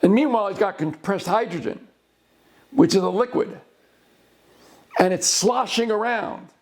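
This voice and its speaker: High-voiced man telling a case story. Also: darkish tone. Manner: deliberate, broken into short phrases, with slowed emphasis. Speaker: lawyer. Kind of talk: recounting a past case.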